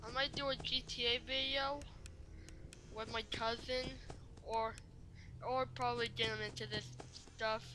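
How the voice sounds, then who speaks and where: A woman's voice: on the high side, flat delivery, a little slow. A woman doing let's play commentary, jumpy and rambling, who keeps apologizing to viewers. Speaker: gamer.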